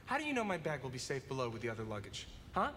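A man's voice: medium pitch, huge pitch swings, rapid-fire, bright, forceful tone, slight background noise. An actor playing a belligerent male airline passenger, ranting and sarcastic as he refuses to check his bag. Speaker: angry airline passenger in a film clip.

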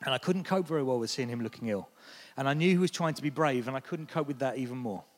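Long hall reverb surrounds a fast-talking British man with a medium-pitched voice as he preaches. He tells his stories animatedly, raising his voice to act out the lines he quotes.

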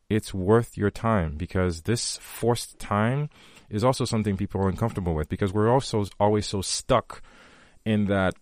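A man's voice: sits low, darkish tone, no room sound, clean studio sound. A man hosting a podcast, giving heartfelt motivational talk to his listeners, repeating his key phrases for emphasis. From from a country with long power outages. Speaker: podcast host.

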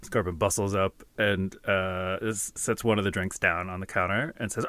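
A man playing a tabletop game, narrating his character's actions in a halting way. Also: low voice, fairly even intonation, fairly bright tone, clear, resonant tone, no echo. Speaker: player.

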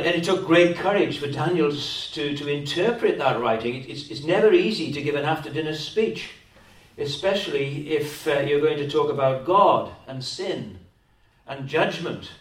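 A man with a Welsh accent preaching a sermon as a pastor, pressing his points with repeated words and rhetorical tag questions. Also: fairly high pitch. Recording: echoey hall, distant mic.

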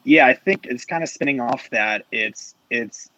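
A man's voice: medium pitch, measured pace, bright, forceful tone, dry recording, muffled recording. A man who manages sales reps, chatting casually on a panel and rambling with lots of filler words.

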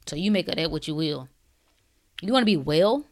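A woman's voice: low voice, lively intonation, brisk. A woman in a casual monologue, blunt and preachy, firing off sarcastic rhetorical questions in slangy talk.

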